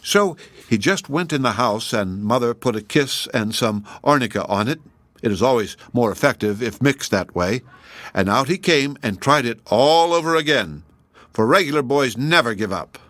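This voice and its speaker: A man narrating a children's storybook in a gentle, expressive way. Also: mid-range voice, moderate pace, no room sound. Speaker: audiobook reader.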